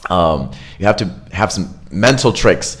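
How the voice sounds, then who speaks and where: A man, coaching pronunciation in a relaxed, chatty way. He models words slowly one by one and keeps asking "right?" to check that his listeners follow. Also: sits low. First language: Russian. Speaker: accent coach. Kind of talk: casual pronunciation lesson.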